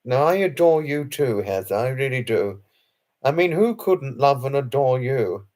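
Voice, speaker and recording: A man's voice: medium pitch, animated, measured pace, darkish tone. Guy doing a late night livestream, reads out chat, super polite and formal, says everything twice, medium voice. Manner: effusive, formal phrasing, repeats himself; apologetic and earnest. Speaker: livestream host. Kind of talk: late-night live stream, answering viewer chat.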